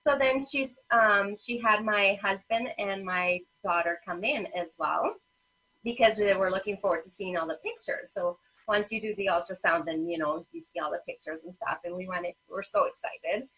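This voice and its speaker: Husky woman in her 30s, mid-pitch, chatty and emotional, tells her story with lots of ums. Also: moderate pace, fairly bright tone, poor audio. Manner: emotional storytelling with many fillers. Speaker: guest, parent advocate and children's author. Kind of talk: personal story in a casual interview.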